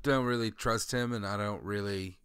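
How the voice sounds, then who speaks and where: A man's voice: lowish voice, fairly even intonation, moderate pace, a bit bright, smooth, no room sound, clean studio sound. A man co-hosting a casual game podcast, talking bluntly and sarcastically with frequent swearing. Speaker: podcast co-host. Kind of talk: casual chat recapping a video game.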